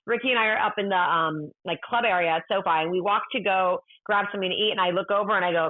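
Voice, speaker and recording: A woman guest on a podcast, telling stories in a blunt, animated way. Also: mid-range voice, fast talker, hardly any pauses. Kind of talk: casual storytelling chat. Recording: tinny phone-like line.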